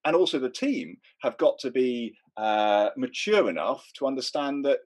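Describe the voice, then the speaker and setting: British bloke chatting on a podcast, middle-aged, mid pitched, relaxed explainer. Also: male voice, moderate pace. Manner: conversational, illustrates with examples. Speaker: podcast co-host. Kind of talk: casual chat.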